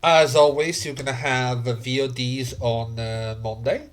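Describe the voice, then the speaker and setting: A man narrating a tabletop role-playing game as game master, unhurried and full of fillers. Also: medium pitch, fairly even intonation.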